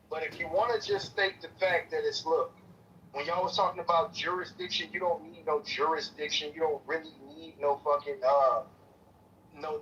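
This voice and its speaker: A man in a heated political argument, talking in a profane, repetitive way with lots of forceful restarts. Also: fairly high pitch. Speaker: debate participant. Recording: distant lo-fi stream audio with faint noise.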